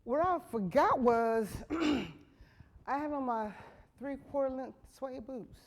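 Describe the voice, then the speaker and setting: A woman's voice: high-pitched, takes it slowly. Frank, earthy woman host telling a story. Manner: frank, earthy, builds to loud excited bursts. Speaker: talk show host. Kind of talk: comic storytelling monologue.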